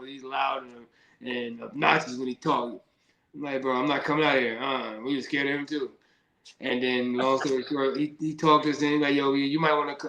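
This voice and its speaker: A man talks about his fighting life in a loose, rambling way, leaning on "man" between phrases. His voice sits at a middle pitch. The sound carries a roomy echo. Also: sharp tone. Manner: loose, repetitive, says "man" often. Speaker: professional boxer, guest. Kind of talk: casual storytelling interview.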